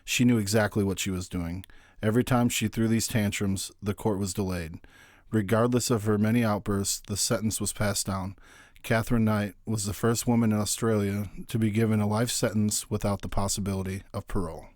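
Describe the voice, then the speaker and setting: Young male true-crime co-host, low pitch, dry close recording, clipped asides. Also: steady tone, a little fast, darkish tone, no room sound. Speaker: podcast co-host and narrator. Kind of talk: scripted true-crime narration and casual chat.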